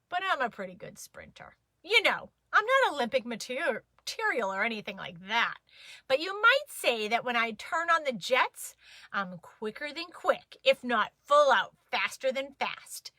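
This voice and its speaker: Playful high-voiced woman storyteller. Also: normal speed, dry recording. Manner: playful and expressive. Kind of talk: children's story reading.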